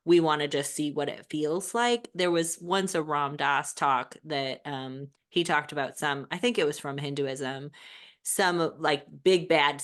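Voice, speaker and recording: A woman hosting a podcast over a video call, talking in a casual, reflective way with many fillers. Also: low voice. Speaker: podcast host. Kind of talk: casual conversation.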